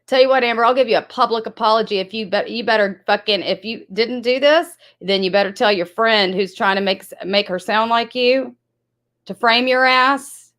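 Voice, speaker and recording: A woman's voice: on the high side, moderate pace, a bit bright. A woman hosting a livestream, talking bluntly and accusingly to her chat with plenty of swearing. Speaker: livestream host. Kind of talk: heated livestream talk to chat.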